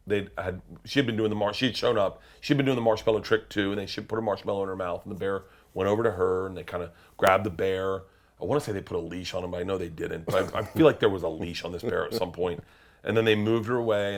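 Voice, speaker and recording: A man, an interview guest, telling a story in a loud, excitable way, swearing and breaking into shouted quotes. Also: low-pitched. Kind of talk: animated storytelling.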